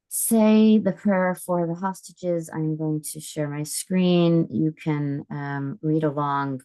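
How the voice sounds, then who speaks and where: Middle-aged American woman host, low gravelly voice, hesitant and halting, dry video-call sound. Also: dry recording. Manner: hesitant, many ums and restarts. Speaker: host of an online book event. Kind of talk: casual video call announcements.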